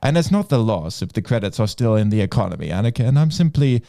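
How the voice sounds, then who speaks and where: A man's voice: fairly low pitch, sing-song, quick pace, creaky, warm tone, dry recording. A man reading as a shifty older Jedi master. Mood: defensive. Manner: dry, evasive excuses. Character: evasive older male Jedi master with a gambling habit. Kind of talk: comedic read-aloud sketch.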